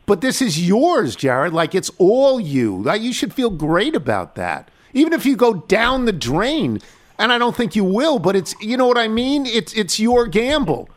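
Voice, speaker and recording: A man's voice: high-pitched, very animated, unhurried. Older guy hosting a radio show, dry jokes, voice jumps around a lot. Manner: wry, dry humor. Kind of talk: casual chat.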